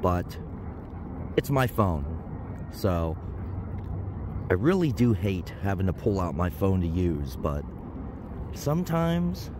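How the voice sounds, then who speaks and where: A man's voice: low voice, noisy background. A man vlogging outdoors on a sunny hilltop, chatting casually to viewers with self-deprecating asides, filmed on a handheld camera and phone. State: out of breath from climbing. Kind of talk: casual vlog narration.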